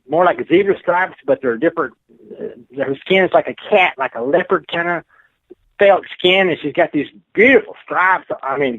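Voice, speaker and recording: A man's voice: on the high side, no echo. Rambling man on a tinny phone line. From Texas. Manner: rambling, frank, full of "you know". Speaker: interview guest. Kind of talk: casual storytelling.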